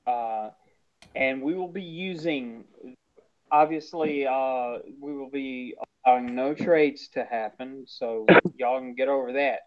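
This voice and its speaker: A man's voice: mid-range voice, slow pace. A man co-hosting a casual sports podcast, announcing upcoming show details with self-mocking jokes. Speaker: podcast co-host. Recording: dull lo-fi sound.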